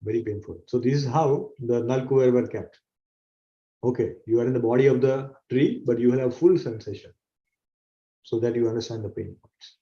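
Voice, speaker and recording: Brief: earnest male scripture teacher, mellow and dark tone, echoey, muffled recording. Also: mid-range voice, normal speed. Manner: earnest, repeats key phrases, acts out gasps. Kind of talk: explanatory sermon to an online audience. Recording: roomy, dull-sounding recording.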